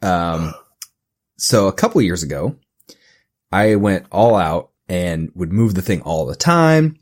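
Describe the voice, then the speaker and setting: A man in his thirties with a low voice co-hosts a podcast, telling a story in casual chat. He's animated but takes it slowly, with hesitant restarts and laughter along the way.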